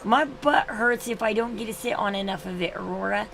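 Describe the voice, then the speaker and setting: A woman's voice: medium pitch, a little fast, creaky, a bit bright, slight background noise, rough recording. A woman in her thirties hosting a casual livestream, chatting in a rambling way with frequent restarts. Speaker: livestream host.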